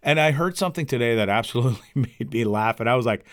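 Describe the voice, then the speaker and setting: A man's voice: medium pitch, lively intonation, quick pace, no room sound, studio quality. A middle-aged man hosting a podcast, rambling and ranting with lots of swearing. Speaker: podcast host. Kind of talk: casual rambling monologue. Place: home recording for a podcast.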